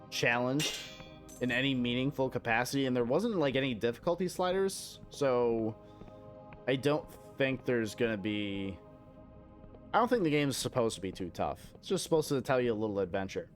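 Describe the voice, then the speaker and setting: A young American man streaming a game, chatting casually in a rambling, profane way and slipping into mock-outraged rants. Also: medium pitch. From United States. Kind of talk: casual gameplay chat.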